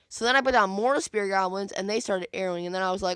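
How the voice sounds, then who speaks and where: A man's voice: high voice, steady tone, fast talker, few pauses, sharp tone, clear, resonant tone, dry recording. A young man giving casual commentary on his own gameplay, rambling and acting out his own thoughts in quotes with many fillers. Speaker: gaming video creator.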